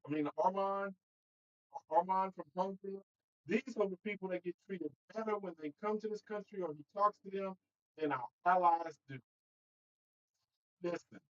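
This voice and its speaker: The host of a casual political livestream chats directly to his viewers, animated and laughing between points. His voice is high, and the recording sounds muffled.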